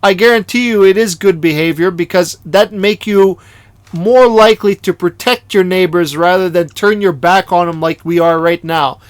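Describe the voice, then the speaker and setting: A man's voice: high-pitched, moderate pace, no echo. A man giving indignant opinion commentary over a video he is playing, emphatic and prone to repeating words. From Canada.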